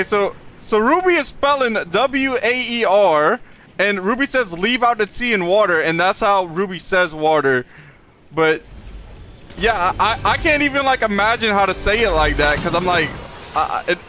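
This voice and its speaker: Young male streamer, casual and talkative, reads chat and laughs a lot; light, high voice. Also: bright, forceful tone, a little hiss or hum. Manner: chatty, reads chat aloud, laughs often. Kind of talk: live gameplay commentary.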